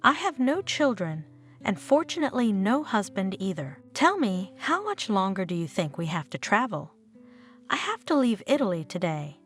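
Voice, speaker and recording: A woman's voice: mid-range voice, very animated, moderate pace, natural voice. A woman narrator voicing an irritated foreign woman tourist who snaps at a stranger, with faint guitar music behind. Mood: annoyed. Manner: irritated, snapping.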